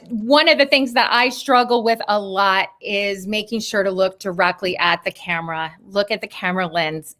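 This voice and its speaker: A woman giving a lively workshop talk over a video call, coaching and laughing often. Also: medium pitch. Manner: talks of thousands of hours on video calls. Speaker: speaker on persuasion.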